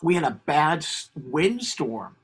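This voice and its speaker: A man's voice: a little high, big pitch swings, slow, slightly rough. A man co-hosting a podcast, rambling through casual stories and laughing as he talks. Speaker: podcast co-host. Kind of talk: casual chat.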